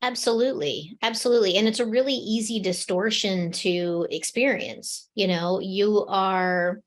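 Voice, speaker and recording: A woman's voice: mid-range voice, moderate pace. A woman co-hosting a spiritual talk show, walking through everyday examples as she talks. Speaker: podcast co-host.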